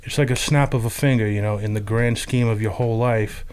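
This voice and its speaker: A man, an army veteran, telling a story in a frank, halting and casual way. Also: on the low side, steady tone, darkish tone, clean tone. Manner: frank, loose, halting with blunt swearing.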